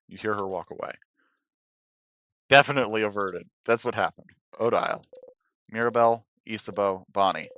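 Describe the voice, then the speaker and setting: A man streaming a game, reading its narration aloud expressively, swinging from hushed to sudden loud. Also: fairly low pitch, normal speed, long pauses, slight background noise.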